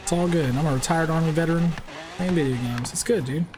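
A man's voice: on the high side, fast. A man in his twenties streaming a racing game, chatting casually, swearing and jabbing back at trolls in chat. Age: 20s. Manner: brash, swears, trades jabs with chat trolls. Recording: loud car game sounds behind. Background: racing game engine noise.

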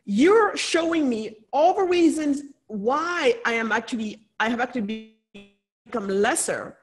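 A higher-pitched woman co-host from Africa talks in a lively, emphatic way, doubling up her words to drive each point home. She sounds like she is on a video call in a relaxed, casual conversation. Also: a little slow. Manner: animated, emphatic, repeats words. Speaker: podcast co-host.

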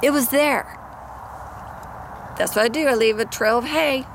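A Christian ministry vlogger, a woman with a rather high, slightly slow voice, records herself outdoors near animals and hay on a handheld microphone. She chats earnestly and prays aloud for her viewers in a casual mix of prayer and encouragement, with noise in the background.

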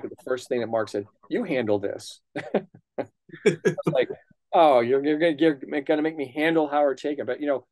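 As an interview guest, a middle-aged comics writer and colorist shares anecdotes, vividly acting out quoted dialogue and swearing casually. His voice sits in the mid-range, with no echo.

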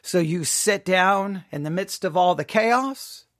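A man's voice: high-pitched, animated, a bit bright, no echo, studio quality. A man hosting a theology teaching podcast, telling a vivid, tense second-person story with repetition and restarts. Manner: vivid, repetitive, builds tension with restarts and pauses.

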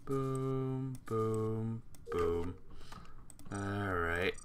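A man's voice: on the low side, very slow, noisy background. A man streaming a game with laid-back, chatty commentary, talking to his chat and teammates while yawning and sleepy. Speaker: gaming streamer.

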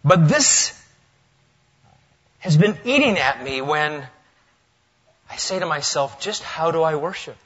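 A male pastor preaching a sermon in a church, lively and swinging between loud, emphatic lines and hushed asides. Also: fairly high pitch, slightly rough, highs cut off. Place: church sanctuary.

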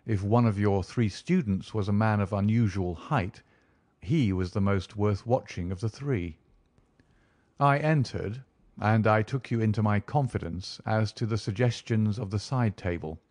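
A man voicing a calm, shrewd male detective who talks in a suave, measured, deliberate way. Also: fairly low pitch, no echo. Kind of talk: audiobook character reading.

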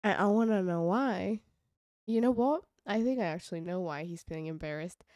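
A woman's voice: on the low side, normal speed, darkish tone, no echo, clean studio sound. A woman giving casual, chatty gameplay commentary, gushing and giggling as she goes. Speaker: let's play creator.

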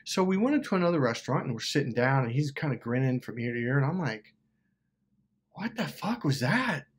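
Speaking at a quick pace in a mid-range voice, a man hosts a self-help video and tells a story from his own life. The delivery is casual and animated, with cursing and a steady stream of fillers as he rambles.

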